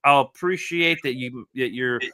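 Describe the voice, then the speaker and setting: A man's voice: mid-range voice, normal speed. A man co-hosting a casual podcast chat, ranting with lots of swearing. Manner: animated, profane ranting. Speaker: podcast co-host.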